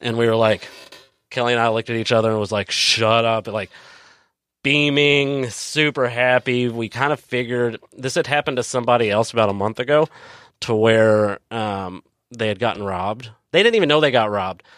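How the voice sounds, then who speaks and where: A man's voice: medium pitch, normal speed, fairly bright tone, no room sound, studio quality. A man telling a long personal story as a guest, casually, with many fillers and restarts.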